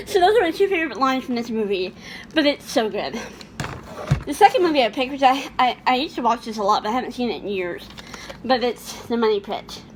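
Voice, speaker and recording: A woman's voice: on the high side, lively intonation, fairly quick, a little hiss or hum. A woman chatting casually about her favorite movies, laughing often and restarting her sentences. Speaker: vlogger.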